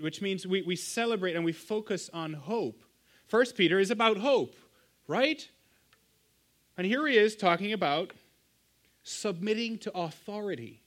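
A pastor in his thirties preaching a sermon, telling family stories with lively rhetorical asides. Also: on the high side. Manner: animated storytelling, rhetorical "right?" asides.

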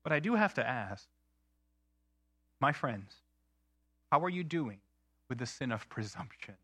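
Bright-voiced emphatic male preacher. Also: mid-range voice, expressive, no room sound. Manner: earnest, emphatic preaching with slowed, stressed phrases. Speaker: pastor. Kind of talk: sermon.

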